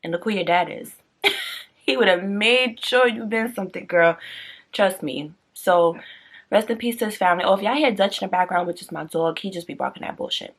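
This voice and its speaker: A woman talks straight to her camera in a loose, unscripted rant. She is blunt and slangy and keeps a chatty flow. Her pitch sits in a middling range and shoots up sharply when a story gets her going. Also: a little fast. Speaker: vlogger.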